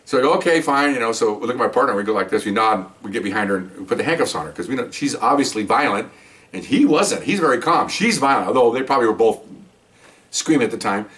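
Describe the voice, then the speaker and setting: Far from the mic and talking fast, a retired police veteran recounts stories from his career in a casual way for the camera. He's lively, raising his pitch to perform the dialogue of the people involved.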